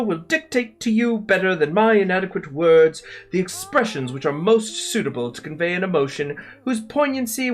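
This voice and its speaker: A man voicing a pompous, overly formal drunk man in a bar, speaking in a mock-refined, highfalutin way while reading from a book.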